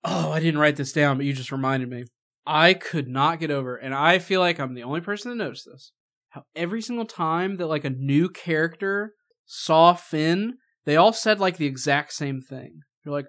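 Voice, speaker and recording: A man in casual chat reviewing a movie, mocking and animated, swearing freely. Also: fairly high pitch, moderate pace.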